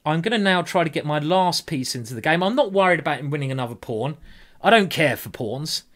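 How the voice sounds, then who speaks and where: Guy streaming blitz chess, talks to himself and chat, fairly high voice. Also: expressive, a little fast, fairly bright tone. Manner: thinks aloud, chatty and self-mocking, talks to viewers. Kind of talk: live-stream commentary while playing blitz chess.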